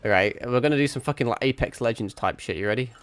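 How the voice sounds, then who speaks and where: A young man streams a shooter game as a vtuber, his mid-range voice moving at a quick pace. His commentary is casual and rambling, sweary, and self-mocking as he plays.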